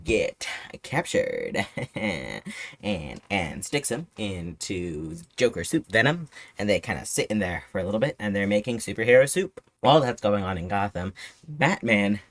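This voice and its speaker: A man giving a rapid, profane, sarcastic retelling as a casual film reviewer. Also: lowish voice, sing-song, no room sound. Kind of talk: casual commentary.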